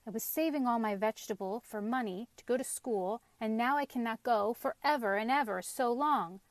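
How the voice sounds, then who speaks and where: A woman's voice: a little high, normal speed, no echo, natural voice. A woman reading aloud and voicing a polite young boy, a woodcutter's son, speaking earnestly.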